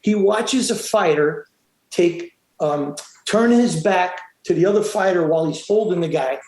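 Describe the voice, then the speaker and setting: A man's voice: high-pitched, measured pace, a little mellow, echoey room. A man, a boxing referee, telling stories in an interview, emphatic and acting out the quotes, with many restarts. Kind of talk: animated storytelling in an interview.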